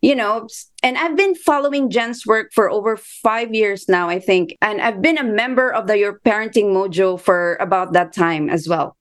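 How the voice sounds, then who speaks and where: A woman's voice: mid-range voice, moderate pace. A woman from the Philippines with a Filipino accent, co-hosting a casual podcast chat, talking in a loose, chatty way with easy laughs. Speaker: co-host asking questions.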